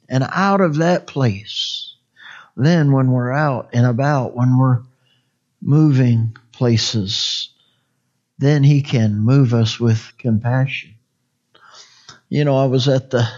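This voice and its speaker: A husky man delivers a loose, folksy sermon at an ordinary pitch, drifting through asides and checking in with "amen?" along the way. The sound is muffled and lo-fi. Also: darkish tone. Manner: rambling, folksy, asks the congregation for amens. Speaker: preacher. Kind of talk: conversational sermon.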